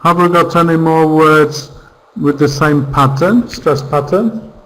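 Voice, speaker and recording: A man's voice: on the high side, unhurried, a bit bright, rough recording. A man teaching English online, patiently drilling vocabulary and word stress with his class. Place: virtual classroom.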